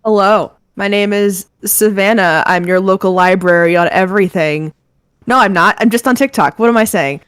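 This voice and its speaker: Player, dry close sound, loud and bubbly, pokes fun at themselves. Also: mid-range voice, moderate pace, smooth, no room sound. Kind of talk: casual chat.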